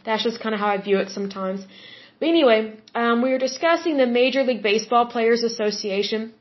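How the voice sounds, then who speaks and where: A woman's voice: a little high, a little fast, highs cut off. A middle-aged woman from the United States hosting a solo podcast, talking casually, emphatically and repetitively. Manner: chatty and emphatic, repeats herself. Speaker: podcast host.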